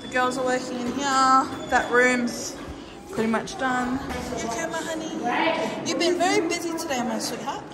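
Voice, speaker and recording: A woman's voice: sits high, steady tone, normal speed. A woman, vlogging by phone in a hall at night, bubbly and affectionate. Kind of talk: casual vlog chat. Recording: loud background noise.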